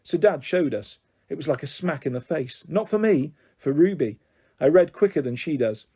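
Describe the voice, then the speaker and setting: A man reading a children's novel aloud in an expressive, animated way. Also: fairly high pitch, normal speed, breathy edge. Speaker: storyteller.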